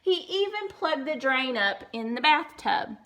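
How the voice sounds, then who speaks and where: Slow, amused woman reading to kids. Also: sits high, very animated, a bit bright. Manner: chatty, amused asides between read lines. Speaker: reader. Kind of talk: reading a picture book aloud to children.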